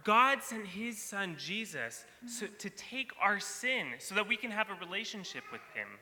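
A man's voice: sits high, big pitch swings, moderate pace, bright, forceful tone, slight background noise, full character voice. A man playing an eager astronaut in a live church skit, enthusiastic and exclamatory, recorded in a reverberant hall. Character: eager male astronaut, excitable.

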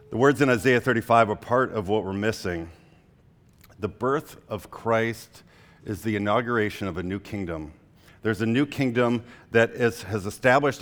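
A young adult man preaching a sermon as a pastor, in a relaxed conversational way, full of fillers, telling personal stories. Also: medium pitch. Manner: conversational, frequent "like" fillers, storytelling. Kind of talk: casual sermon.

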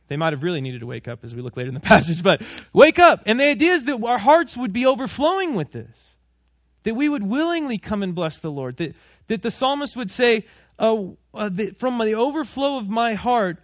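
A man's voice: high-pitched, dry recording, lo-fi sound. A man in his thirties, a pastor, preaching a sermon in a conversational way, asking the congregation questions and joking with them.

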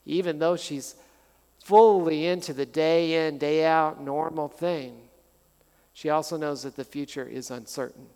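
A middle-aged man preaching a sermon as pastor, conversational and animated, telling stories with touches of humor. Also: a little high, unhurried, vocal fry, clean tone. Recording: long hall reverb.

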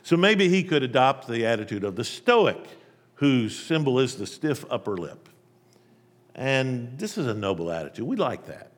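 A male preacher giving an emphatic sermon, telling a parable and shifting between loud and soft delivery. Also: medium pitch, big pitch swings, moderate pace, big-room sound.

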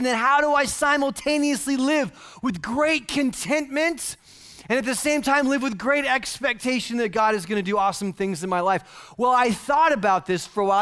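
A man pastor giving a casual, humorous sermon, full of playful slang and animated asides. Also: very high voice.

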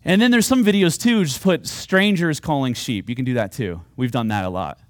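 A man's voice: medium pitch, a little fast, dry recording. A man preaching a sermon, earnest and at times rising to fervent, pleading appeals. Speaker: pastor.

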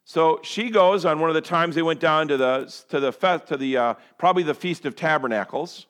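A man delivering a sermon with a fairly high-pitched voice. He swings from forceful, raised lines down to hushed, near-whispered ones, and voices prayers as if speaking them himself. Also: a little fast, clean tone. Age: adult parent. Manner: earnest, swings from loud to hushed, acts out prayers. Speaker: pastor.

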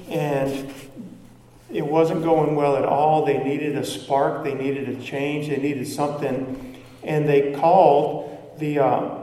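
A man's voice: on the high side, dark tone, far from the mic. Man preaching in an echoey hall. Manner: conversational preaching with rhetorical questions. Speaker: pastor. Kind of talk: sermon.

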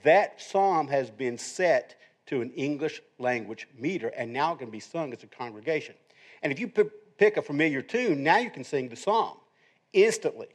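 A man's voice: fairly high pitch, lively intonation, moderate pace. A middle-aged man preaching a sermon as a pastor, in a conversational, joking teacher's tone.

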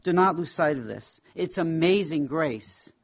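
A man's voice: a little high, lively intonation, gravelly, slightly rough, highs cut off. Emphatic man teaching a Bible class. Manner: emphatic, reverent, with slow deliberate stresses.

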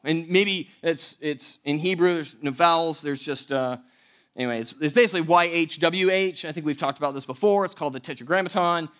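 A man with a slightly high voice teaches a verse-by-verse sermon. He talks in a relaxed, conversational way and drops in joking asides. His volume swings from loud emphasis to near-hushed lines. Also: brisk. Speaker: pastor.

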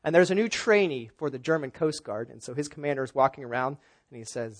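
A middle-aged man preaching a sermon as pastor, in a relaxed conversational way with frequent "uh" fillers and small restarts. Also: medium pitch, fast.

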